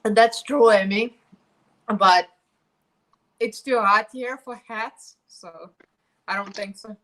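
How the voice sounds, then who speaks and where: A woman's voice: medium pitch, steady tone, slow pace, a bit bright, rough recording. A woman hosting a casual makeup livestream, chatty and laughing often as she talks to her viewers. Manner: chatty, laughs often, coos baby talk to her pet. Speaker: beauty livestream host.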